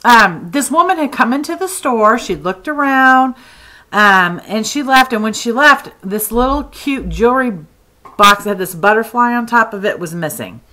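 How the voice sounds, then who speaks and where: A woman's voice: a little high, normal speed, poor audio. A woman from Texas, chatting casually as she tells a story about her candle shop. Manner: chatty, animated retelling with many "like"s.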